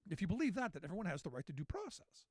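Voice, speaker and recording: A man with a high-set voice hosts a talk radio show and rants about the news. He is sarcastic and animated, and his voice sounds close and dry on a studio mic. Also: rapid-fire, dry recording. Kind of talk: political commentary monologue.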